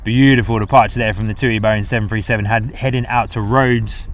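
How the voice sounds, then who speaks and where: A man's voice: on the low side, fairly even intonation, fairly quick. A man hosting a live plane-spotting stream outdoors at an airport, chatting in a rambling, easygoing way. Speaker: livestream host.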